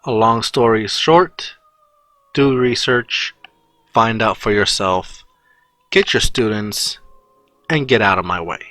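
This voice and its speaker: A man's voice: slow, pauses often, pushed and bright, no room sound. A brooding teenage hero speaks curtly and coldly, pushing others away, as a man voices him. The delivery is guarded and annoyed, in a fan story reading. Dry sound, faint music. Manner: curt, annoyed, low and guarded. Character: cold, brooding teenage boy hero, abrasive.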